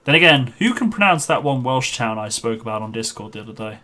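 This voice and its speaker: A man's voice: mid-range voice, sing-song, fast, bright, forceful tone. A man streaming a game, chatting casually in a rambling way and laughing at his own stories. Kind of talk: casual chat while gaming.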